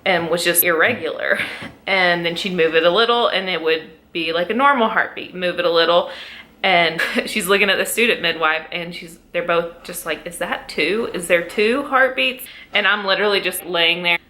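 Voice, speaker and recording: Bright-voiced young woman vlogging emotionally. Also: fairly low pitch, normal speed. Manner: emotional, tearful storytelling with laughs. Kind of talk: casual pregnancy update vlog. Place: at home.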